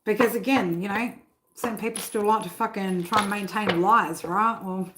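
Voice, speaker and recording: A woman's voice: medium pitch, moderate pace, heavy background noise. A middle-aged woman hosting a tarot live stream, talking bluntly with heavy swearing and a constant "right?". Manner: blunt and heavily profane, keeps asking "right?". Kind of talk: casual live-stream chat.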